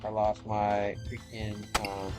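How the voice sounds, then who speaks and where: A man's voice: fairly low pitch, monotone, takes it slowly, low-quality recording. Rambling, profane man over game music. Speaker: streamer. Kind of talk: casual chat while gaming. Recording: game music playing underneath.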